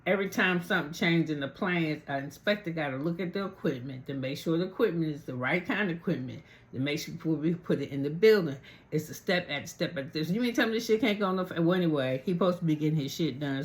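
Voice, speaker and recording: Recapping a reality TV episode in a brisk, casual vlog, a woman rambles, swears freely and uses colloquial grammar, shifting her pitch sharply as she performs quotes.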